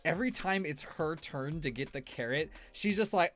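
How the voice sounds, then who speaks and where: A man's voice: fairly high pitch, normal speed, few pauses, fairly bright tone. A man streamer giving rambling, casual tier-list commentary, laughing often between fillers.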